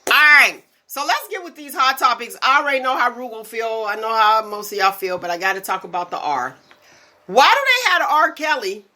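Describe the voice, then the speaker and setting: A woman hosting a casual talk show, telling stories in an animated way and laughing often. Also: fairly high pitch, brisk, few pauses. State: tired. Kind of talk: casual chat.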